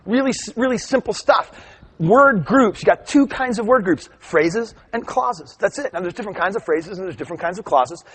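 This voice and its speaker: A middle-aged man giving a live teaching talk, lively and chatty, often checking in with "right?". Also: high voice, moderate pace, breathy edge. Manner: animated storytelling, asks "right?" often. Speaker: workshop presenter.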